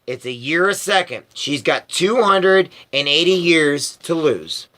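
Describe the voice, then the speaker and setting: A man voicing a brisk, eccentric grown man in charge, with theatrical announcing, in a storybook reading. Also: a little high, lively intonation, pushed and bright, a little hiss or hum.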